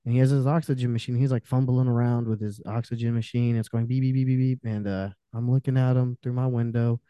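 A young man speaking as a podcast guest, his voice very dark and mellow. He tells raw personal stories, swearing freely and flaring loud before dropping almost to a murmur. The sound is close and dry with no room around it. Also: mid-range voice, steady tone, fairly quick, no room sound. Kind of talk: candid personal storytelling in conversation.

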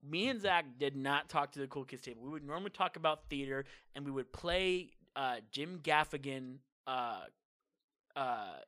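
A young man telling a long story in casual chat, breaking into loud, shouted impressions of an old teacher. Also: a little high. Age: young adult.

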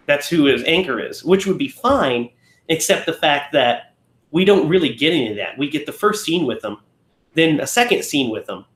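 A man's voice: on the high side, lively intonation, moderate pace, a bit bright. Rambling man in an echoey room. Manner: rambling, self-correcting, often acts out lines. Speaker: podcast co-host. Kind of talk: casual film discussion.

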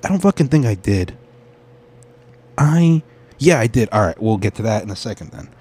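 A man hosting a solo talk show, rambling in a profane, excitable rant and reading an article aloud. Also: lowish voice, husky. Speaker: podcast host.

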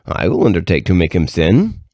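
A man's voice: low-pitched, wildly swooping pitch, normal speed, a little mellow, dry recording, clean studio sound. A man voicing eager male imps who boast to the devil about how they will tempt a good man. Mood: boastful.

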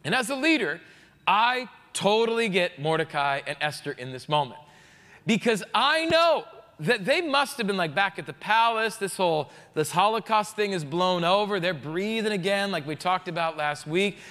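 A man, a pastor, preaching a sermon in a conversational, jokey, animated way. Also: sits high, moderate pace, in a large hall.

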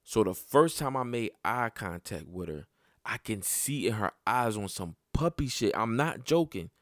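A man telling a personal story about his child in a blunt, profane, casual way. His voice climbs high and loud when he gets worked up. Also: animated, normal speed, no room sound, clean studio sound.

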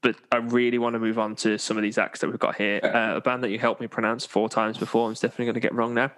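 A young man from Birmingham hosts a relaxed podcast, joking about himself as he goes. His voice sits a little low. He keeps the chat light and chatty. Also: quick pace. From Birmingham, England. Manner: jokey, self-deprecating, chatty. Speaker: podcast host. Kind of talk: casual chat.

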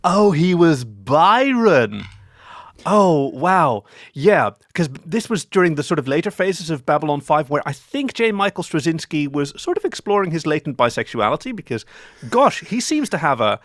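A man's voice: a little high, big pitch swings, normal speed, no room sound, studio quality. A man co-hosting a comedy podcast, chatting in a wry, theatrical way. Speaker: podcast co-host. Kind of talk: casual chat.

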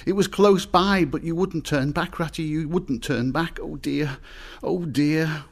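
A man's voice: on the high side, a little slow, vocal fry, voice pushed up. A man doing Mole, sobbing little homesick creature. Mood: tearful pleading. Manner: broken, pleading, rising voice. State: crying. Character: small timid male mole, sobbing and homesick.

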